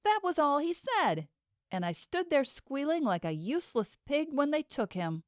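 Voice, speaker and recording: A woman's voice: sits high, sing-song, normal speed, no echo, studio quality, pitched above the performer's own voice. A woman voicing a frightened, furious young wife in an audiobook, ranting and tearful. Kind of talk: audiobook character voice.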